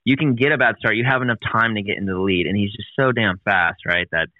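A man talking in a casual chat, rambling with many restarts and quick laughs. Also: fairly low pitch, no room sound, phone-quality sound.

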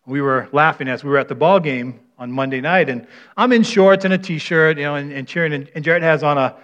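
A middle-aged man delivers a sermon like he is chatting with his congregation, folksy and full of restarts. His voice sits a little high for a man, and the recording sounds dull and lo-fi. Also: a little fast, fairly bright tone. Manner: folksy, storytelling, frequent restarts and repeated words. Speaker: pastor. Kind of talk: conversational sermon.

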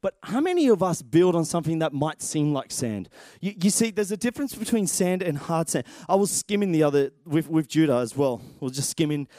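Male pastor, 30s, high tenor, dry close sound, lively storytelling sermon. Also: a little fast, few pauses, no echo. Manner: animated storytelling, shouts at dramatic moments.

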